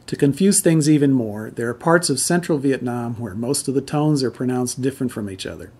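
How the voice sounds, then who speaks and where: A man giving a calm, measured language lesson, explaining spelling and tones step by step. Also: mid-range voice, husky. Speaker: language teacher.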